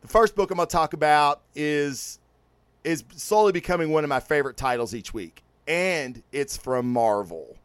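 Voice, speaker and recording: A man hosting a casual podcast, reviewing a movie and comics in an excited, profane, rambling way with many restarts. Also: a little high, moderate pace, clear, resonant tone, dry recording. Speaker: podcast host.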